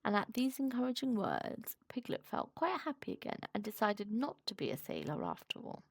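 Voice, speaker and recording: A woman reading a children's storybook aloud with expressive, animated narration. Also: on the high side, normal speed, dry recording, clean studio sound.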